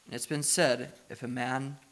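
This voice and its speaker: A man's voice: mid-range voice, flat delivery, normal speed, a bit bright. A middle-aged man, a pastor, preaching a sermon in a conversational way, asking the listeners questions and building to emphatic passages.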